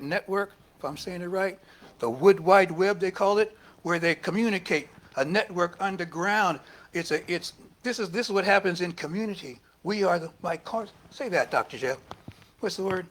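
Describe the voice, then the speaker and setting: A man preaching a sermon as minister, lively and talking back and forth with the congregation. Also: sits high, moderate pace. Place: church service.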